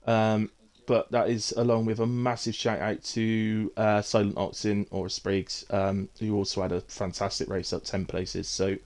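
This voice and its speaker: A man's voice: lowish voice, level tone, unhurried, few pauses, darkish tone. A man hosting a casual post-race chat on his live stream, chatty and teasing, with lots of fillers. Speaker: streamer hosting a sim racing league.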